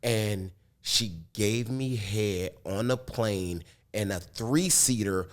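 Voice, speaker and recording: A man's voice: lowish voice, takes it slowly. A man chatting as a guest on an interview show, laid-back and joking, often laughing. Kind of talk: casual interview chat.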